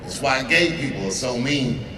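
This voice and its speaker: A man in his forties doing profane, conversational stand-up storytelling with dramatic pauses, on stage in a large outdoor amphitheater. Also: medium pitch, lively intonation, very noisy. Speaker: stand-up comedian. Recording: distant, echoing amphitheater sound with crowd.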